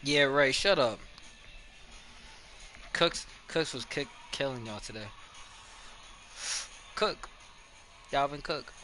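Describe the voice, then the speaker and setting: A man's voice: medium pitch, takes it slowly, long pauses, sharp tone, soft background music. A young man chatting casually while gaming, loose and profane, trash-talking a friend about football. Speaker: gamer streaming.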